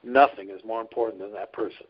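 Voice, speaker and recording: A man's voice: on the low side, fairly even intonation, fast. A man who serves as a trucker chaplain and ministry leader, telling stories in a casual interview in an earnest, folksy way and laughing often. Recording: dull lo-fi recording.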